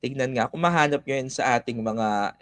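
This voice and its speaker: A man with a Filipino accent teaching an online class live, switching between Tagalog and English and reading student comments aloud in a lively, coaxing way. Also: medium pitch, brisk, dry recording. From Philippines.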